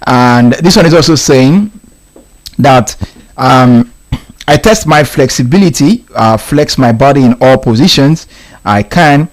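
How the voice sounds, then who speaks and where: A man's voice: medium pitch, expressive, unhurried. A man hosting a casual radio live stream, reading listener answers aloud with frequent laughs and repeats. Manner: amused, laughing often, repeats lines. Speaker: radio host.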